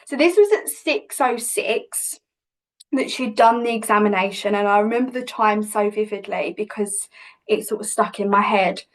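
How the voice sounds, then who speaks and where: A woman's voice: mid-range voice, moderate pace, rough recording. A woman, a podcast guest vividly retelling a personal story with many restarts. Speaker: podcast guest, hypnobirthing teacher.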